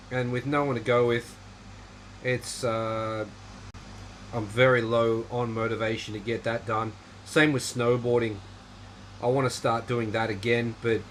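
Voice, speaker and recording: A man's voice: medium pitch, slight background noise, low-quality recording. A man hosting a casual livestream chat, rambling in a dry, offhand way while reading viewer comments. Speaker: livestream host.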